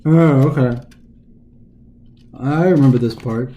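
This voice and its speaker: A man's voice: medium pitch, slow pace, warm tone, muffled recording. A man tutoring as a test prep teacher in a casual recorded lesson, talking informally and dramatizing the text as he explains it.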